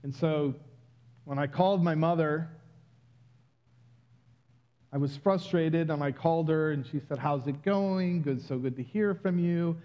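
A man preaching a sermon in a personal, confiding way that builds to loud exclamations. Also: fairly high pitch, unhurried, long pauses, highs cut off.

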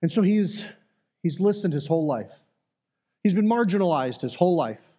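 A man's voice: high voice, animated, moderate pace, dark tone. A man, a church elder, giving an earnest, conversational sermon with some fillers and restarts.

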